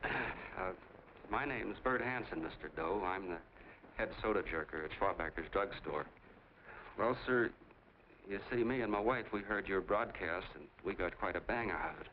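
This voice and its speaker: An actor playing a friendly small-town soda jerk who rambles on in a folksy, chatty way, on a tinny 1940s film soundtrack with faint hiss. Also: male voice, deep voice, moderate pace, close to an everyday voice. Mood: eager.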